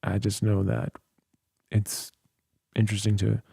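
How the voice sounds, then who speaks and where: A man's voice: lowish voice, completely flat delivery, a little slow, gravelly, dark tone, slightly rough, no room sound. A tired man hosting a livestream, rambling and thinking aloud into a close studio mic. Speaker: livestream host. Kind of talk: casual livestream chat. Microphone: close studio dynamic mic.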